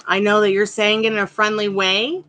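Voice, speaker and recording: A tarot reader hosting a live stream, speaking straight to the chat in a bright, sharp-edged voice. The talk is casual and personal, with viewers addressed by name, and stays polite while holding a firm line. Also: mid-range voice, little pitch movement, normal speed.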